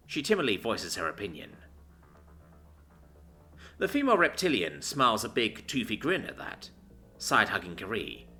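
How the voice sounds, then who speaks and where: Guy reading a scifi story out loud, very lively ups and downs, some soft music underneath. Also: sits low, normal speed. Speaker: narrator. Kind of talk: storybook narration.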